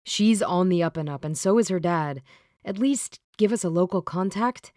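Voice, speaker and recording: A woman's voice: lowish voice, normal speed, darkish tone, dry recording, studio quality, lightly acted. A woman voicing a polite, earnest young man in an audiobook.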